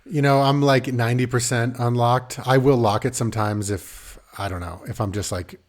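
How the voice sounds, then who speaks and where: Man in his thirties, podcast co-host, casual rambling chat, middle pitch, sudden animated voices. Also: normal speed.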